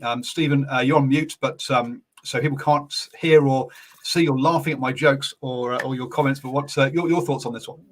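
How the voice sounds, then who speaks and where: A man's voice: medium pitch, steady tone, fairly quick. A man with an English accent hosting a casual sports chat over an online call, talking loosely with many fillers and restarts. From England. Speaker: podcast host.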